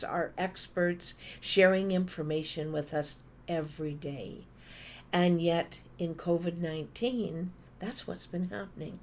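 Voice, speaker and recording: A middle-aged Canadian woman with a fairly low voice gives an animated motivational talk. She tells everyday stories with playful asides. Faint ambience is heard behind her. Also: a little hiss or hum. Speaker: speaker.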